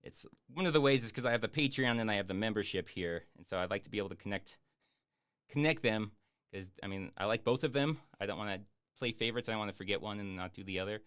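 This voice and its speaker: A man chatting casually on a live stream, answering viewer questions in a rambling, jokey way with lots of fillers and deadpan boasts. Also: lowish voice, fast, smooth. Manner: hesitant with many fillers. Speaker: YouTube streamer answering chat.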